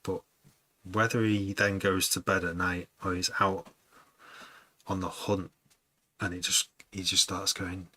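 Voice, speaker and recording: A man's voice: sits low, little pitch movement, a little slow, long pauses, pushed and bright. A man, a music producer, chatting casually with his livestream viewers, rambling and laughing often as he muses aloud. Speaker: music producer streaming to chat.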